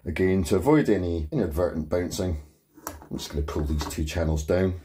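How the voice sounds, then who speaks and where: A man's voice: deep voice, a little fast, mellow, slight background noise. A man hosting a tutorial and methodically explaining each control step by step in his home studio. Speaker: tutorial host.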